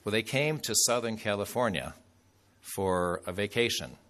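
A man's voice: lowish voice, expressive, moderate pace, fairly bright tone. A man preaching a sermon as a bishop, telling a story in a loose, conversational way with fillers and asides.

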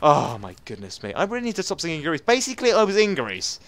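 A man in his late teens from England, rambling fast and jokily through gameplay commentary, with sudden squeaky jumps in his voice. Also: wildly swooping pitch, a bit bright, dry recording. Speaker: gaming YouTuber.

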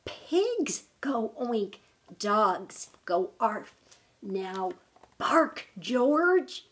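A woman voicing a dog's mother in a picture book, scolding slowly and with emphasis. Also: a little high, very animated, full character voice. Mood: exasperated. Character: stern dog mother, growing exasperated.

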